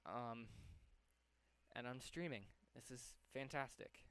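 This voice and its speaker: A man's voice: mid-range voice, steady tone, slow pace, fairly bright tone, clean tone. A young man live-streaming from home, slightly out of breath, rambling with lots of ums as he works. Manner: rambling, lots of ums, talks to himself while working. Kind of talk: casual live-stream chat.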